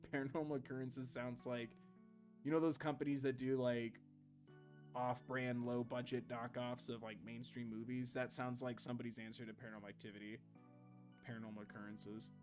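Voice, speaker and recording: A man's voice: mid-range voice, little pitch movement, a little mellow, soft background music. Chatty young man streaming a game. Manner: chatty, jokey, quick asides. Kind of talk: casual live gameplay chat and reading aloud.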